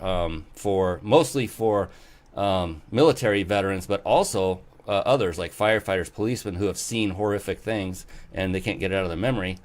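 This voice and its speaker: A man with a somewhat low voice hosts a casual interview show. He talks eagerly and rambles, filling his sentences with "uh" and quick restarts. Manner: enthusiastic, rambling with many fillers. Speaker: show host.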